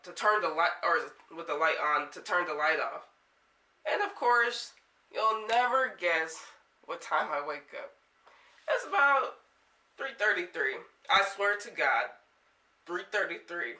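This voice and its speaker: Bright-voiced young woman, echoey room. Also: lowish voice, far from the mic. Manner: rambling, filler-heavy, swearing, shaken. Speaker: vlogger. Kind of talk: storytelling vlog. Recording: echoey room, set back from mic.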